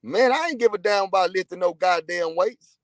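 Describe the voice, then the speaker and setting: A man's voice: sits high, brisk, no room sound. A man from Texas, telling prison stories in a profane, boastful, rambling way. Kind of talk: casual livestream chat.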